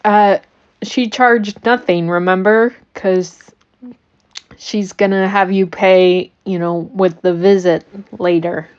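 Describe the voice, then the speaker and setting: Slow-talking woman game master. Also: medium pitch, fairly even intonation, clear, resonant tone, dull audio. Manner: teasing, laughs often, many fillers. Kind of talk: running a tabletop game on a stream.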